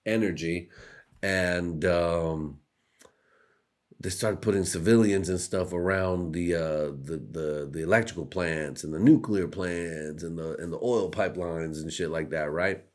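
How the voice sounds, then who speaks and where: A young podcast host with a low, slightly mellow voice speaks at a measured pace. He rambles through a profane, jokey comedic monologue, repeatedly slipping into put-on voices.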